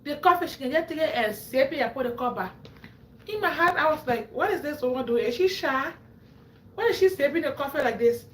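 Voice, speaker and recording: A woman from Africa, hosting a livestream and telling a story in an animated way, laughing often and acting out quotes. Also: sits high, brisk, reverberant, slight background noise. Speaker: livestream host. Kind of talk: animated storytelling to a live audience.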